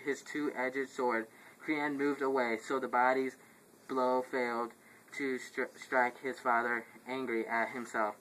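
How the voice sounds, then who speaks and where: A man plays a messenger who bears grim news, in the plain voice of an amateur reading. He stumbles over the words and restarts lines. His pitch is mid-range, and a faint ambient hiss sits under the voice. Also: sharp tone, rough recording. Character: messenger reporting deaths to the royal house. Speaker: actor in an amateur play.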